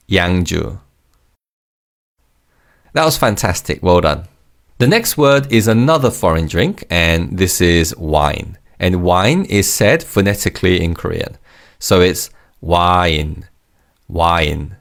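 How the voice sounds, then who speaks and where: A man's voice: low voice, gravelly. A man teaching vocabulary in a scripted lesson, patiently saying each word twice and praising the learner. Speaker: language teacher.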